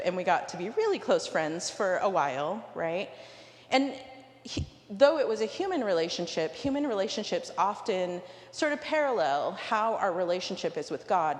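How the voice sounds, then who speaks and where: A woman canon delivers a sermon from a cathedral pulpit, her voice carried on a long, ringing reverb. She speaks at a middle pitch and springs into lively, acted dialogue when she quotes people. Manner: animated storyteller acting out quoted dialogue. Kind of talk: sermon with personal storytelling. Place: large cathedral. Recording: roomy hall with long reverb.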